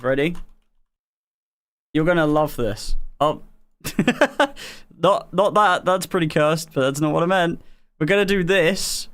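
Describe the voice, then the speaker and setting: A man's voice: a little high, a bit bright, clear, resonant tone. An English man hosting a live music stream, chatting casually, rambling with fillers and laughing often. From England.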